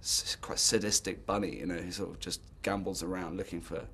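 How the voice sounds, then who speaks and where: A man's voice: low voice, steady tone, fairly quick, a bit bright, a little hiss or hum. A man, a stage actor, bantering dryly and teasingly in an interview. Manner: dry, teasing. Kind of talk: casual banter.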